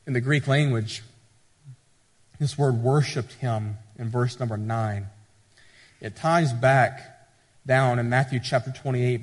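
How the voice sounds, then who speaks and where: Preacher in a reverberant church. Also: male voice, medium pitch. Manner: preaching with rising emphasis and repetition. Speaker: pastor. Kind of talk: sermon.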